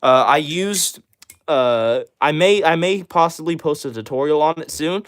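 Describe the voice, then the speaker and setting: A young man from Missouri hosting a livestream, rapidly reading and answering viewer comments with lots of fillers. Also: on the high side, smooth. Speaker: livestream host. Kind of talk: fast live chat reading.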